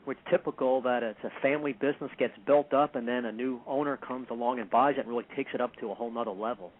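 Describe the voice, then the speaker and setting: A man co-hosting a radio talk show, announcing upcoming guests in a brisk casual way. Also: mid-range voice, fairly even intonation. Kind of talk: casual on-air chat. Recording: tinny phone-like radio audio with faint noise.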